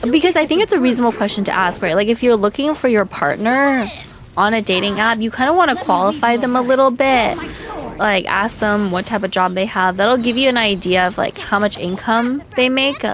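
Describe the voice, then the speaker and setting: A young woman streamer telling a dating story in casual chat, gossipy and exasperated, peppered with "like". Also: a little high. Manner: chatty, gossipy, lots of "like", laughs and exasperated outbursts. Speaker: vtuber streamer.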